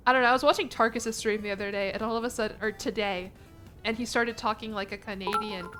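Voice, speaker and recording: A young American woman chatting casually on a stream, animated and quick to laugh as she answers her chat. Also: medium pitch, faint music behind. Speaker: vtuber streamer.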